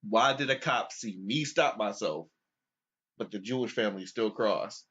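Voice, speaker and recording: A man's voice: on the low side, moderate pace, slightly rough. A man co-hosting a podcast who tells a story casually, swears freely and laughs often. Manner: animated, profane, laughs often. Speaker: podcast co-host. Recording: dull lo-fi recording.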